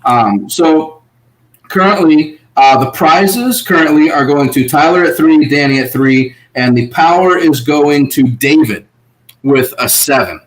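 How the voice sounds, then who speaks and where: Animated man recapping a reality show. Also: a little high, a little slow, rough recording. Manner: animated, laughs often, voices quoted contestants. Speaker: podcast co-host. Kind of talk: casual recap chat.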